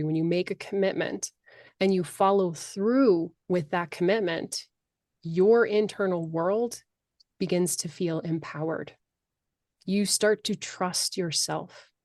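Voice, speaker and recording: A woman's voice: lowish voice, no echo, studio quality. Passionate woman coaching on a podcast. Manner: passionate, animated, acts out voices. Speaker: guest life coach. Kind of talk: podcast interview.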